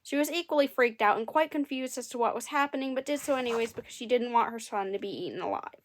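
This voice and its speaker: A woman with a slightly high voice reads a fairy tale aloud at a quick pace. Between passages she drops in dry, amused remarks, turning it into a comedic reading full of wry asides.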